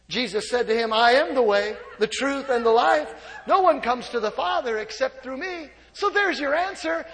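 A man preaching a sermon as pastor, swinging from hushed storytelling to shouts and joking asides with laughter. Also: very high voice, lively intonation, moderate pace. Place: church sanctuary. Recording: reverberant church hall.

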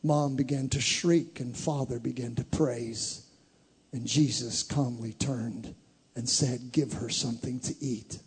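A man preaching, voicing a gentle elderly grandmother who tells her grandchildren a story in a soft, tender way. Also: mid-range voice, fairly even intonation, a little slow, breathy edge.

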